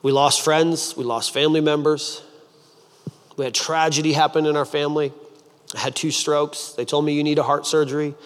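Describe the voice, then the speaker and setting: Pastor preaching in a reverberant hall. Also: male voice, a little high, moderate pace. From United States. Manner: animated storytelling, acts out voices. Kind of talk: sermon.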